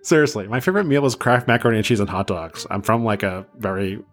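A man's voice: lowish voice, lively intonation, quick pace, faint music behind. Chatty, self-mocking man telling a story. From south of Boston, USA. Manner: chatty and self-deprecating, with many fillers and laughs. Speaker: podcast host. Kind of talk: casual storytelling podcast.

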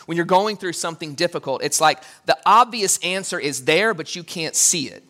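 A man preaching a sermon as pastor, animated and acting out quotes with sudden jumps in pitch. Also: normal speed.

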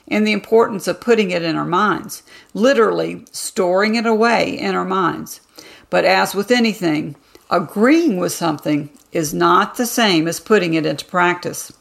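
Woman with a heavy vocal fry. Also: on the low side, lively intonation, normal speed, fairly bright tone. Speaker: devotional podcast host. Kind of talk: scripted devotional teaching.

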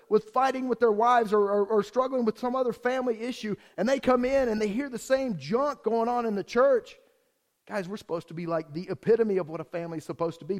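A male pastor preaching a lively sermon, joking with the congregation and shifting quickly between reading and storytelling. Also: high voice.

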